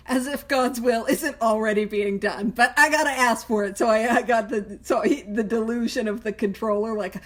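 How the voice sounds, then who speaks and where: A woman leading a recovery study group, animated, often laughing at herself, slowing down and softening when she recites prayers. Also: fairly high pitch. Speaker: Big Book study leader.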